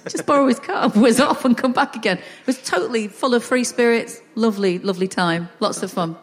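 A woman's voice: a little high, moderate pace. A middle-aged woman from Lancashire, chatting as a podcast guest on a festival stage, laughing and acting out the people in her stories. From Lancashire, England. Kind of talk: casual chat, anecdotes. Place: festival stage before a live audience. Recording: reverberant live stage audio.

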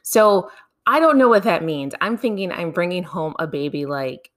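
Low-voiced woman telling a story casually. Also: moderate pace. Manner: animated, laughing, swears casually. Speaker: vlogger telling a personal story.

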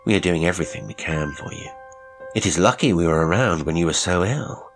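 A man voicing a charming young swindler who talks in a smooth, smiling, falsely reassuring way. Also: deep voice, expressive, a little fast, faint music behind. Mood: smooth menace.

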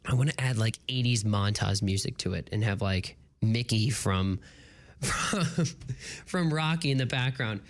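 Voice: medium pitch, measured pace. A morning radio host doing playful solo banter on a close studio mic, laughing at their own slip-ups while stumbling through tongue twisters. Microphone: studio broadcast mic, close.

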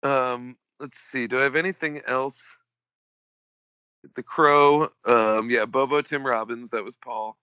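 A man co-hosting a casual film podcast, enthusiastic and quick to laugh, going over his notes. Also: medium pitch, fairly even intonation, sharp tone, clean tone, no echo, highs cut off. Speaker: podcast co-host.

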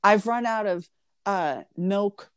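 A woman's voice: medium pitch, slow, smooth, no echo, clean studio sound. A woman chatting casually as a co-host, easygoing and joking, telling everyday stories, from Long Island. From Long Island, New York. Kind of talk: casual chat.

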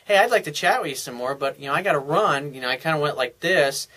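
Cocky bright-voiced man giving dating advice. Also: on the high side, lively intonation, fast talker. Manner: cocky, anecdotal, profane. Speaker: dating coach. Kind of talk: casual advice monologue.

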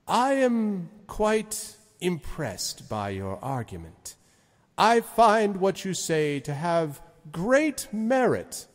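A man voicing an ancient, proud male lord who speaks slowly and gravely in a tabletop game. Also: sits high, very animated, long reverb tail, pitched above the performer's own voice, exaggerated voice. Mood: approving. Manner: slow, deliberate, grave speech.

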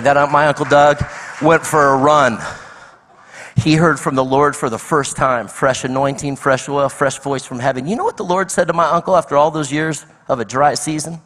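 A middle-aged man preaching a sermon as guest speaker, telling a story animatedly and acting out the people in it. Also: mid-range voice. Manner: animated storytelling with acted-out quotes. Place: large church hall. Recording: long hall reverb.

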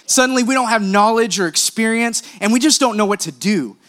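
A man with a high voice speaks to a congregation. His delivery is upbeat and friendly, with light jokes between his points. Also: brisk, fairly bright tone. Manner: upbeat, jokey preaching. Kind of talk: sermon.

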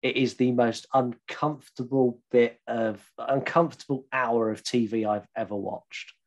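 A man's voice: medium pitch, fairly even intonation, unhurried. Rambling, joking Englishman. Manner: rambling, swearing, jokey storyteller. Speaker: podcast co-host. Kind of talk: casual chat.

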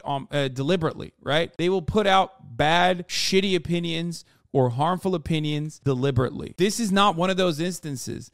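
Brief: male streamer host, ranting and swearing, slightly high voice, dry close sound. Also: no room sound. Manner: heated, profane and sarcastic. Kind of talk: ranting live commentary.

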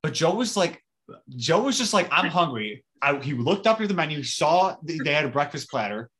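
A man's voice: on the high side, lively intonation, a little fast, fairly bright tone, breathy edge. A man co-hosting a podcast in casual chat, telling a rambling everyday story with some swearing. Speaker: podcast co-host.

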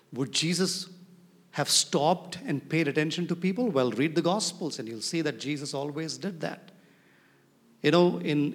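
A man preaching a sermon as pastor, animated and often asking his congregation questions. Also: a little high. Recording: reverberant hall.

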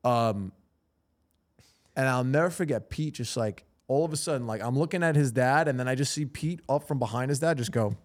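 Male podcast co-host, 40s, casual animated storyteller, mid pitch. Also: a little fast.

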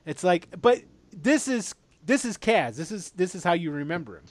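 A man's voice: sits high, big pitch swings, normal speed, no echo. A man narrating as game master in loose, casual storytelling.

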